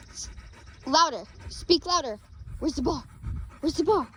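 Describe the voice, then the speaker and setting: A dog sitter vlogger films herself on a handheld phone in a backyard, coaxing the dog with playful baby-talk. Her voice is high, expressive, and a bit bright, a little slow with long pauses. The rough outdoor phone audio carries background noise.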